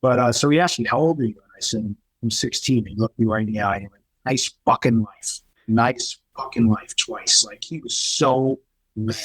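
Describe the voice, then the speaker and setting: A middle-aged man, a podcast guest telling his life story in a candid, animated way, acting out the people he quotes. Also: on the low side, breathy edge, no room sound, rough recording. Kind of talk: casual storytelling.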